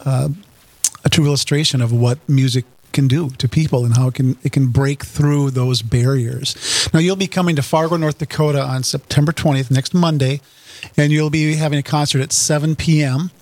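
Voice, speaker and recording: Halting male radio host, dry sound. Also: medium pitch, fairly even intonation, a little mellow, dry recording. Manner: halting, restarts mid-phrase. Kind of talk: radio interview.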